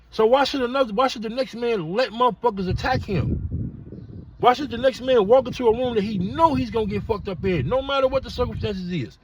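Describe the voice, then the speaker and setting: Husky high-voiced man, blunt street talk. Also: quick pace, muffled recording. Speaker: podcast host. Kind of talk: casual monologue.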